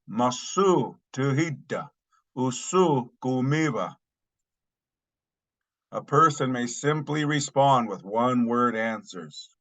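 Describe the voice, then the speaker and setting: Slow, patient male language teacher. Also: medium pitch, animated, a bit bright, low-quality recording. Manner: repeats each phrase twice for learners.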